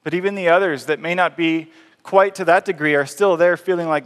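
A man preaches in an easy, conversational storytelling style, acting out the scenes as he goes. His voice sits a bit higher than most men's, and long reverb from a large church hall follows each phrase. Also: steady tone, brisk, fairly bright tone, clear, resonant tone. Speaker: pastor. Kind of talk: sermon.

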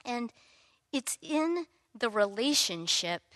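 A woman in her thirties telling a personal faith story in an animated, candid way. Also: on the high side, slow, no echo. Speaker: church member sharing a testimony.

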